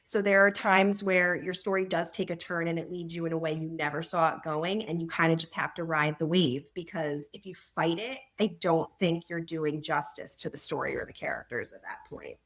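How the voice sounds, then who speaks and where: A woman author being interviewed on a podcast, telling anecdotes in an animated way and laughing as she talks. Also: low-pitched, moderate pace, hardly any pauses. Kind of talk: conversational interview.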